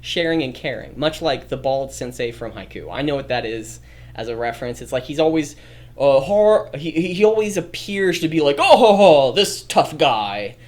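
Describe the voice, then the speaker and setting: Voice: medium pitch, lively intonation, normal speed, a little mellow. A streamer thinking aloud while drafting a story, rambling, correcting themselves and often laughing.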